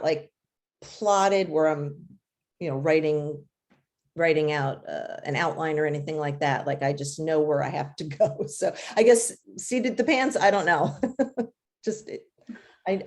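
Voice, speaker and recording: This woman, a children's author, chats through her interview answers, full of fillers and soft laughs. Her voice is low and darkish, and she takes her time.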